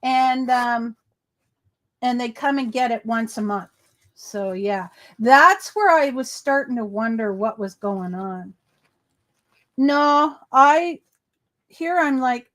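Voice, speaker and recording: High-pitched woman doing a chill reaction stream, talks slow, swears a lot, reads out chat. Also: a bit bright. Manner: chatty, swears freely, reads out viewer comments. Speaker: commentary channel host. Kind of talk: casual reaction commentary.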